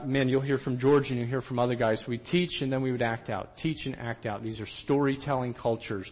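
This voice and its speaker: A man giving a storytelling talk to trainees, animated, and he acts out the quotes himself. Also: mid-range voice, poor audio. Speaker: missionary trainer.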